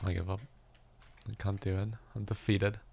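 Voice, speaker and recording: A man's voice: on the low side, flat delivery, normal speed, gravelly, background noise. A man chatting casually with his livestream viewers, playful and self-mocking, laughing at his own stumbles. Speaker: livestreaming musician. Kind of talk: casual chat with stream viewers.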